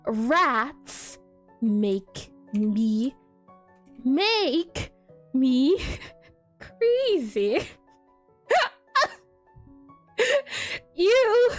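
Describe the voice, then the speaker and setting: A slow synthetic woman's voice reads typed lines with a drawn-out, questioning lilt. Each phrase stretches out at a crawling pace. Soft music plays faintly underneath. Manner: slow, low, drawn-out, every line sounds like a question.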